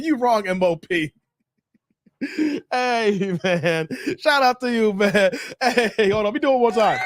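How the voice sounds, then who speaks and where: A man hosting a live stream, joking in slangy casual chat and reading out viewer messages. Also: high voice.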